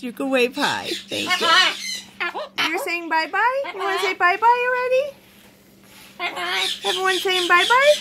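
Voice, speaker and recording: Woman vlogger, high voice, doting baby talk to pets, loud birds squawking around her. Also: heavy background noise. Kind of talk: casual chat with pets and viewers.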